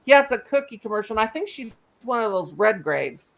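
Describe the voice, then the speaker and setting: Lively chatty woman hosting a livestream. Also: fairly high pitch, fairly quick, gravelly, slight background noise, rough recording. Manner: chatty, animated, laughs a lot. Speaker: livestream host. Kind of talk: casual live-stream chat.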